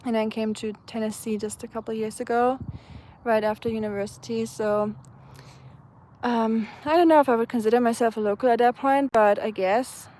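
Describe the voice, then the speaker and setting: Young German-accented woman, friendly livestream chatter, slightly high voice, faint outdoor ambience. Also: steady tone, moderate pace, dark tone, a little hiss or hum. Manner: chatty, reads out viewer comments. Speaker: live streamer. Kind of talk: casual live-stream chat. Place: outdoors, feeding stray cats.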